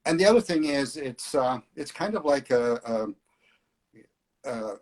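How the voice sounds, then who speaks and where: A man's voice: fairly high pitch, measured pace. A middle-aged man organizing flying tours, chatting casually in an interview with many fillers. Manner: relaxed storyteller, hesitant fillers.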